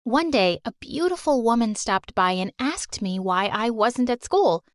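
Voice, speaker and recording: A woman narrating a first-person animated story in a dramatic, expressive way. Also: a little high, unhurried, dry recording.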